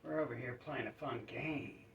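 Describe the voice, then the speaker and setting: A man's voice: mid-range voice, moderate pace, creaky, fairly bright tone, a little hiss or hum. A man voicing a group of people who brush off a plea for help with falsely soothing words. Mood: placating. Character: group of dismissive, placating people playing soccer. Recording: roomy, distant, dull sound.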